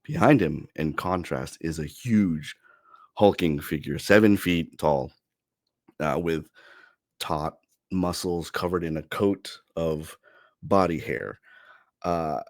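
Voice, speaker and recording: Deep, unhurried male game master, dry close sound. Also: no room sound. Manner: relaxed, rambling with many fillers. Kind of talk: narrating a tabletop game.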